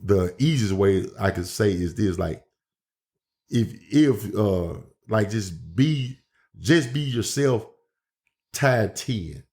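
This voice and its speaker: A man's voice: on the low side, lively intonation, slow pace, darkish tone. A man, a pro wrestler, telling stories in casual chat with loose, rambling talk full of restarts. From Memphis, Tennessee, USA. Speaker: pro wrestler, guest host.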